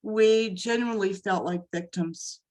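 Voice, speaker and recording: An older woman telling her family's story as a guest, in slow, earnest testimony. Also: mid-range voice, darkish tone, rough recording. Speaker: guest, mother. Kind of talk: emotional personal testimony.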